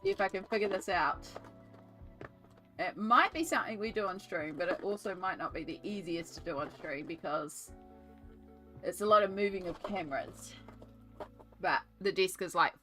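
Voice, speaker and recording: With a fairly low, sharp-toned voice at a moderate pace, the young Australian artist streams from her desk, chatting and thinking aloud as she colours and rambling now and then. Soft music plays in the background.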